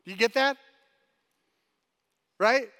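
A man preaching a sermon as pastor, energetic and chatty, often tossing "right?" at the congregation and restarting his sentences. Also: very high voice, slow pace. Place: church hall. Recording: long hall reverb.

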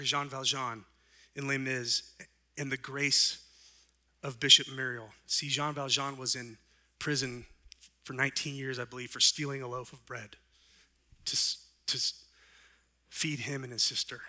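Pastor type, male, mid-pitched and very bright, delivering an earnest sermon with swelling and hushed passages. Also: fairly even intonation. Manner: earnest preaching, voice swelling up then dropping soft, with slow emphatic phrases.

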